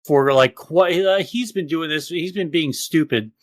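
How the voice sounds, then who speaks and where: High-voiced man ranting profanely. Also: unhurried, no echo. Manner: profane, ranting, mocks others in exaggerated voices. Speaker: podcast co-host. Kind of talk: casual podcast chat.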